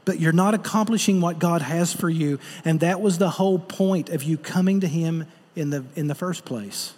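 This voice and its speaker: A man's voice: fairly high pitch, normal speed, darkish tone, breathy edge, in a large hall. A man preaching a sermon as pastor, earnest and direct, putting rhetorical questions to the congregation.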